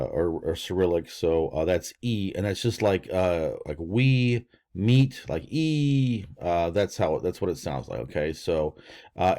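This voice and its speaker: Man, older, very deep voice, casual lesson, rambling. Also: warm tone. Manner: rambling, many fillers and restarts. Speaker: language teacher. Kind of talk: casual screen-share lesson.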